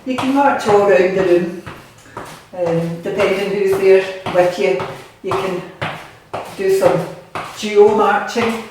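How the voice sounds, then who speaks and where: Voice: medium pitch, takes it slowly, noisy background. Cheery Scottish exercise coach, a touch out of breath, recorded from across a bare echoey bathroom. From Scotland. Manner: cheery, encouraging, chatty. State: slightly out of breath. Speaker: fitness instructor. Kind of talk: guided home exercise class. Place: bathroom at home. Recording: echoey room, mic at a distance.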